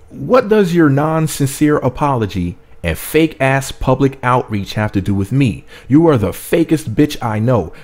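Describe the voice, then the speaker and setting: A man putting on a furious, sharp-tongued woman calling out a rival, in a mocking, exaggerated dramatic reading. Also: medium pitch.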